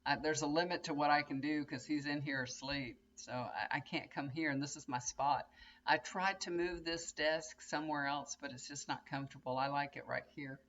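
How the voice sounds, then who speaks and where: A woman's voice: low-pitched, fairly even intonation, normal speed, a bit bright, muffled recording. An older woman, chatting casually to camera from her bedroom in a rambling, storytelling way. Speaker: tarot reader and vlogger. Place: bedroom at home, indoors.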